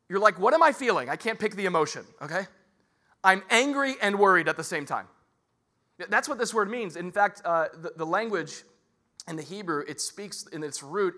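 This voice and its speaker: Animated, bright-voiced male preacher. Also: high-pitched. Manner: conversational and animated, with many fillers and rhetorical questions. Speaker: pastor. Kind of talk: casual sermon.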